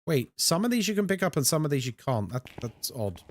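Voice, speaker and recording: A young man streaming a horror game, chatting with his viewers in a jokey, animated way. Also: on the high side, a little fast, few pauses, slight background noise. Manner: animated and chatty, reads chat aloud, jokey asides. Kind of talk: casual live-stream chat while gaming.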